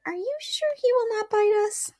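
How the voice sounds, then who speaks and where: A woman voicing a tiny, proud queen of the field mice in a high, shrill, squeaky voice, reading a storybook aloud. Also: sing-song, moderate pace, darkish tone, exaggerated voice. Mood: fearful. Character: tiny proud female mouse queen, indignant.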